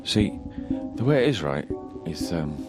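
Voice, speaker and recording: A man's voice: low voice, big pitch swings, unhurried, over loud music. A man rambling through a comic monologue, stammering and swearing a lot.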